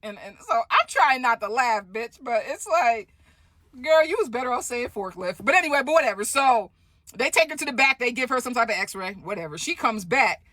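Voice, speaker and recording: A woman telling a story in a casual vlog, animated and profane, often asking "right?". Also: fairly high pitch, fairly quick, dry recording, studio quality.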